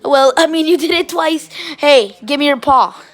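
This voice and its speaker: A woman chatting excitedly while filming her playful puppies, often gasping and exclaiming. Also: high-pitched, moderate pace. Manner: excitable, shrieks and gasps, keeps exclaiming. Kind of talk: casual excited commentary.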